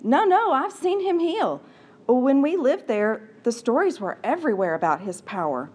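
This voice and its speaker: A woman's voice: a little high, very animated, normal speed, warm tone, slightly rough. A woman voicing an eager, outspoken little servant girl who pleads earnestly.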